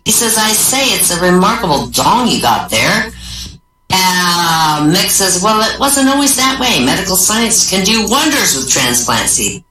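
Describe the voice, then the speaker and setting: Animated woman comic in an echoey room. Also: measured pace. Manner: jumps up in pitch for quoted characters. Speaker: stand-up comic. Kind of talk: telling Irish pub jokes. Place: small comedy venue. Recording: echoey room from far off, faint music.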